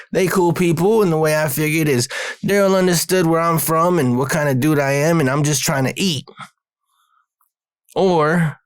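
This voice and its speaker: A man's voice: a little high, clean tone, no echo, clean studio sound. A man casually telling a profane, streetwise story about a deal that went wrong.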